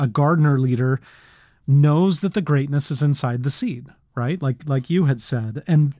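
A man hosting a leadership podcast, talking in an animated way and acting out little quotes. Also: a little high, no echo, studio quality. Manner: animated, acts out quotes, laughs easily. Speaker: podcast host.

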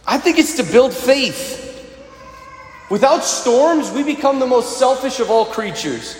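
A male pastor preaching a sermon in a church, swinging between loud emphasis and hushed moments. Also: very high-pitched, slight background noise. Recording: echoey hall with faint ambience.

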